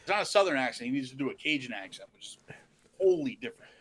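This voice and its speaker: Male co-host, casual chat, blunt opinions, middle pitch. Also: very animated, racing, fairly bright tone, slightly rough. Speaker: podcast co-host. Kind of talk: casual live podcast chat.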